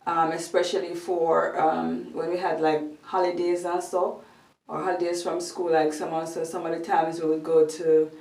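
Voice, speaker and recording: A woman vlogger casually recalling childhood holidays, pausing often with ums and likes. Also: lowish voice, little pitch movement, darkish tone, distant mic. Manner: hesitant, many ums and likes. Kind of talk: casual storytelling. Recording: roomy, off-mic sound.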